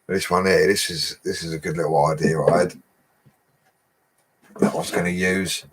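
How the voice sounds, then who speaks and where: A man's voice: low-pitched, fairly even intonation, moderate pace, breathy edge. A man, chatting casually on a livestream, reading viewers' comments and laughing often. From England. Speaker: bricklayer livestreamer.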